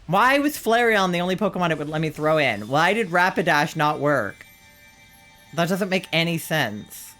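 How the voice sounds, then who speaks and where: A streamer giving live gameplay commentary, exasperated and swearing often, with sudden yelps and shouts. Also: medium pitch, very animated, moderate pace, faint music behind. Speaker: streamer playing a video game.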